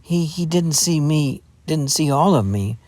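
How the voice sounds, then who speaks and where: A man's voice: moderate pace, gravelly, no echo. A man voicing a proud, hot-tempered tomboy girl who flares up in indignant outbursts, in a storybook reading. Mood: flustered. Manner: indignant, high-strung outbursts. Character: fiery proud tomboy girl, quick to anger.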